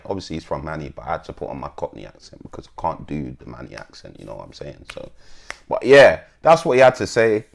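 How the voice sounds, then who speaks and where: A man's voice: sits low, very animated, fairly quick, creaky. A man hosting an MMA commentary channel, chatting bluntly and swearing as he reads posts to his viewers. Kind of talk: casual commentary, reading posts aloud.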